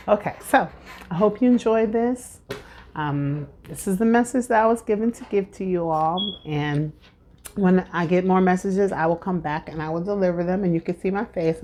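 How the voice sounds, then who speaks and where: Woman in her thirties, tarot reader, chatty, lowish voice, home vlog. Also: darkish tone, slight background noise. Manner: chatty, filler-heavy and preachy. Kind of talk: casual tarot reading vlog.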